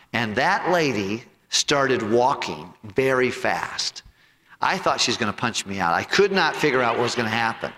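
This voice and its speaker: A male pastor preaching a sermon and telling a personal story in earnest, sinking low and soft when he quotes people. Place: church sanctuary. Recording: long hall reverb.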